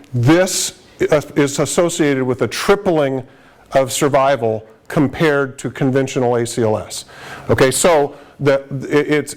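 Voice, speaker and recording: A man giving a conversational live lecture to paramedics, stressing key points with frequent restarts. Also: on the high side. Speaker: emergency medicine lecturer.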